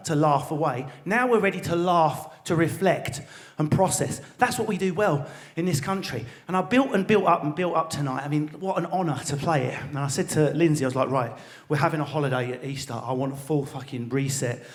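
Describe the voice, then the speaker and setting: Essex stand-up, bright high voice, fast sweary rants with shouted bursts, live theatre mic. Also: male voice. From England. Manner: rapid, swearing, mock-outraged rants with frequent shouting. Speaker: stand-up comedian. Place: large theatre stage. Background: audience laughter.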